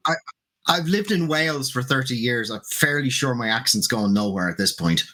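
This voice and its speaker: A middle-aged Irish man who grew up in Ireland, a podcast guest chatting in a wry, measured way with some false starts. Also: mid-range voice, expressive, pushed and bright. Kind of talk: casual podcast chat.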